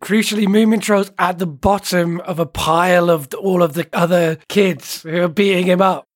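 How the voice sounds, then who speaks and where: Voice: mid-range voice, fairly even intonation, normal speed. A co-host in a casual book discussion who adds details and thoughtful critique of the story. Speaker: podcast co-host.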